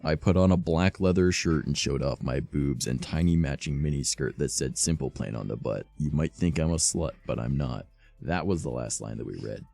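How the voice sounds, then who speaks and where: Very deep, gravelly male streamer. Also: normal speed, dry recording. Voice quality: profane, offhand, deadpan asides. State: sore voice. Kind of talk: reading fan fiction aloud with commentary.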